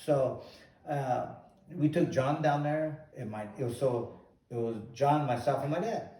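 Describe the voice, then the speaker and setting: Animated man telling a story in a roomy room. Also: medium pitch, unhurried. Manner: animated, repeats "he goes". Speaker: host, former boxer. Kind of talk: casual storytelling chat. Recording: roomy echo, distant mic.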